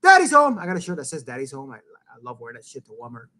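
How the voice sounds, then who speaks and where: A middle-aged man hosting a casual live stream, rambling and swearing, with loud bursts that drop to muttering. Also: medium pitch, racing. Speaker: live-stream show host.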